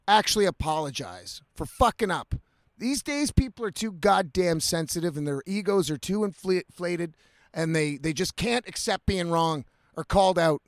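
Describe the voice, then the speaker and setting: A man's voice: high voice, no room sound. A man ranting profanely in a casual vlog, slightly intoxicated, breaking into laughs. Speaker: vlogger.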